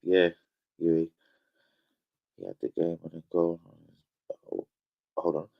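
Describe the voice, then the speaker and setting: Male host for a fan live stream, slangy and chatty, swinging his pitch widely. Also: unhurried, vocal fry, phone-quality sound. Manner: slangy, chatty, animated banter with chat. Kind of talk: casual live-stream chat.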